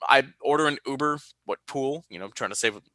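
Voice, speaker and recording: A young man hosting a casual podcast, telling stories with lively jumps into high-pitched quoted voices. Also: fast talker, no room sound. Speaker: podcast host.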